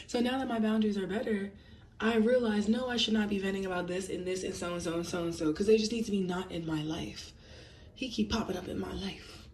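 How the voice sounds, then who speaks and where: A young woman talks straight to her camera, venting about her life in a candid, animated way. Her voice sits a little low for a woman. She often slips into mocking voices for the people she quotes. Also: fast talker, slight background noise. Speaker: vlogger.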